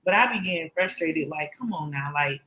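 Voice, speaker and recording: A woman co-hosting a podcast round table in casual chat, animated and quick to laugh. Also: deep voice, low-quality recording. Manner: animated, laughs often, talks in long runs. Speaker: podcast co-host.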